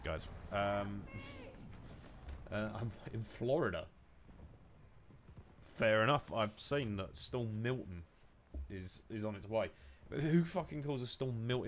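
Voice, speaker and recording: A man's voice: on the low side, a little hiss or hum. Nasal, sweary British man streaming. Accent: British English. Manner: rambling, sweary, joking asides to chat. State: blocked nose, nasal. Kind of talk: casual live-stream chatter while gaming. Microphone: headset.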